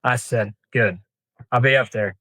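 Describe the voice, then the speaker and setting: A man's voice: medium pitch, unhurried, sharp tone, no room sound. A young man, a podcast guest telling a long hunting story in a rambling, folksy way with many fillers and restarts. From Kansas. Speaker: podcast guest, deer hunter. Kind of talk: casual storytelling interview.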